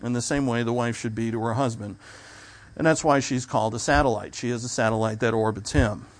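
A man's voice: medium pitch, steady tone, fairly quick. Man preaching in a conversational way. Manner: conversational preaching with restarts and asides. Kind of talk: sermon.

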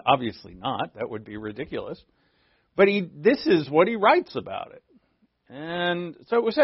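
A man's voice: fairly high pitch, sing-song, normal speed, long pauses, breathy edge, no room sound, muffled recording. A man preaching a sermon as pastor, in a conversational style that often asks the listeners questions.

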